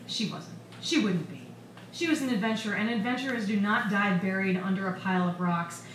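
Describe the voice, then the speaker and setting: A woman's voice: mid-range voice, slight background noise. Woman author, live fiction reading, roomy bar sound heard from a distance. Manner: expressive storytelling. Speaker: author reading her novel. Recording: echoey bar recorded from far off, faint ambience.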